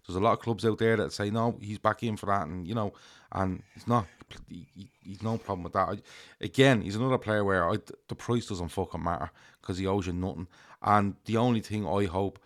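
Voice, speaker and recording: A man with a very deep voice weighs in during a casual football fan chat. He makes his points emphatically and swears freely. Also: a little fast.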